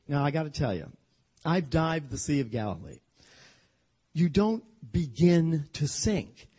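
A man teaching a sermon as a humorous, animated story, acting out the voices of the people in it. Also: fairly high pitch, breathy edge. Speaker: Bible teacher.

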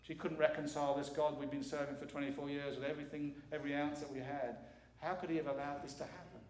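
A man's voice: on the high side, little pitch movement, quick pace, a little mellow. Earnest middle-aged man preaching in echoey hall. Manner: earnest, emphatic, repeats words for weight. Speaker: guest preacher. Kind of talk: sermon. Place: church sanctuary.

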